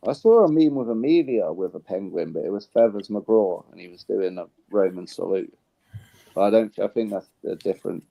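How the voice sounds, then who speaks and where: A man's voice: on the low side, expressive, brisk, vocal fry. A man making dry, wry remarks in casual streamed chat. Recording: dull lo-fi mic.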